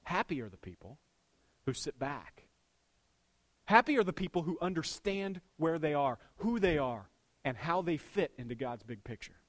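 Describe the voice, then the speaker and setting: A middle-aged man preaching a sermon, swinging between loud bursts and hushed asides, with a dad's jokes about his daughter. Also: fairly high pitch, very animated, normal speed. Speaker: pastor.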